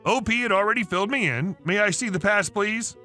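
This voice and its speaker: A man's voice: high voice, a little fast, sharp tone, faint music behind. A man voicing an angry male animal sanctuary owner who talks in a curt, scornful way.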